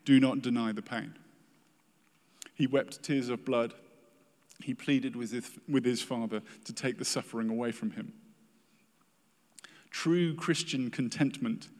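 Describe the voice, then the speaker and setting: A man preaching a sermon in an earnest way, acting out the complaints of the people he quotes. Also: mid-range voice. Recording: reverberant hall.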